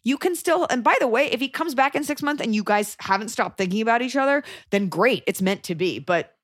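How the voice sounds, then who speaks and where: A woman's voice: a little high, lively intonation. A woman hosting a podcast, giving blunt, profane advice in casual chat. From Dallas, Texas. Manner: blunt, profane, rapid opinionated riffing.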